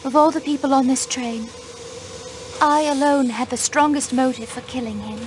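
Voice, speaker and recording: A woman's voice: high voice, fairly even intonation, moderate pace, background noise, natural voice. An actress playing a reserved countess under suspicion in a mystery video game, clipped and guarded in her answers. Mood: grieving. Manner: reserved, clipped, emotional when pushed. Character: guarded aristocratic woman hiding grief.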